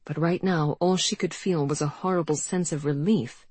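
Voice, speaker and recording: A woman reading an audiobook aloud in measured, expressive storytelling narration. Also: low-pitched, slightly rough, dry recording. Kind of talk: scripted narration.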